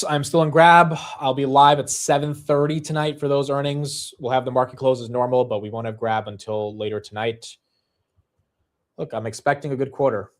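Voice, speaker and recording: A young man hosting a live stock market stream, chatting casually and laughing at himself. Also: medium pitch. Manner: self-deprecating, quick-shifting, laughs at himself.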